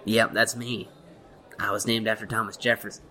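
Man in his 30s, low bright voice, giggles at his own puns in a comedy sketch. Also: little pitch movement, normal speed. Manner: giggly, keeps laughing at his own jokes. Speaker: support group member.

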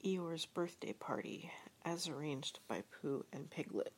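A woman reading a gentle storybook text aloud in a soft, half-whispered, breathy way. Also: low voice, animated, a little slow, a little hiss or hum. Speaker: reader.

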